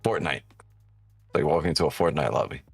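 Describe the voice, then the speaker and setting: A man's voice: extremely low pitch, fairly quick, creaky, breathy edge, no echo, faint music behind. A man hosting a live trading stream, joking and teasing viewers in casual, profane banter. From New York.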